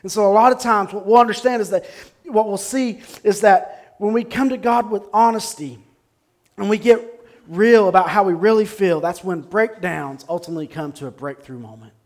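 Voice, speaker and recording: Guy pastor preaching sunday sermon, kinda high voice, hammers the same lines over and over. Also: normal speed. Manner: emphatic, repeats key phrases.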